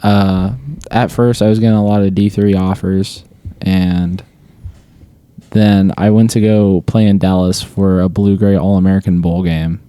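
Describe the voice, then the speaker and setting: A man's voice: sits low, flat delivery, measured pace, warm tone, clean tone, no room sound. A young man, a student athlete, chatting casually in an interview with a laid-back, rambling manner and lots of fillers. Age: young adult.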